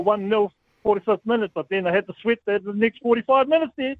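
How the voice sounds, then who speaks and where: A New Zealand-accented man phones in to a radio show, and his voice sits unusually high. He talks in an excitable, rambling way and exclaims a lot. The line is thin and phone-like, with no room sound. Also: fast talker, no echo. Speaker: caller. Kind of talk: casual phone call to radio.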